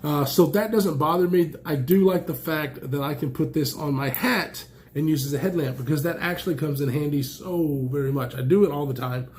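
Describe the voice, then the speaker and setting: Casual excitable male gear reviewer, slightly raised pitch, allergy-stuffed, rambling. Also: normal speed, few pauses, slight background noise. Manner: enthusiastic, rambling, exclaims often. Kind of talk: casual unboxing chat.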